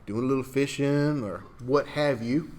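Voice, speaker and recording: A man narrating a tabletop game as dungeon master, relaxed and plain with fillers. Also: mid-range voice, normal speed.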